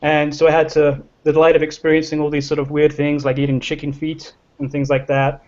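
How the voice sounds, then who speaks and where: A man introducing himself as a researcher on a video call, hesitant and self-deprecating with many pauses. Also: on the high side, monotone, noisy background. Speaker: panel guest, researcher. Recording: dull lo-fi call audio.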